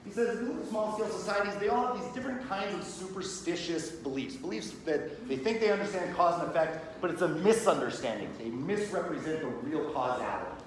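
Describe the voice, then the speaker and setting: Speaking a little fast with few pauses, this man has a fairly high, lively voice. His religion lecture to a class is casual and chatty, peppered with "right?" check-ins and small scenes performed in quoted voices, recorded in a very echoey room with faint background hum.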